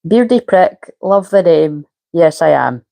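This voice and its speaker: A woman's voice: on the low side, lively intonation, slow pace, vocal fry, mellow, dry recording, low-quality recording. A woman, a spiritual coach chatting casually on a live stream and muttering to herself while she fiddles with settings.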